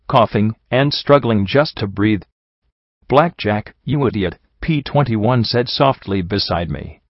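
A man narrating a story in the first person, reading in a measured, somber way. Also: on the low side, no echo. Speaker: audiobook reader. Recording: dull lo-fi sound.

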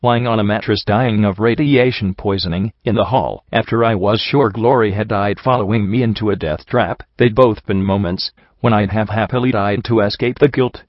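A man narrating a first-person audiobook in a steady, introspective storytelling manner. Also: lowish voice, moderate pace, hardly any pauses, no echo. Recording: dull lo-fi dry recording.

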